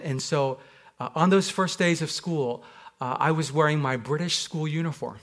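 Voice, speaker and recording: A Canadian man gives a sermon as a pastor, weaving in stories from his own life. His voice sits a little high for a man, and he speaks reflectively, drawing out the words that matter most. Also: fairly bright tone. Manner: reflective, slows down on key words. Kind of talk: sermon with personal storytelling.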